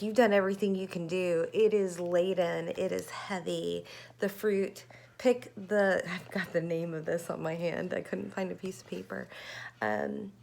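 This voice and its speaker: A woman's voice: medium pitch, creaky. A woman tarot reader in a rambling, chatty vlog, often stopping to correct herself. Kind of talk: casual tarot reading chat.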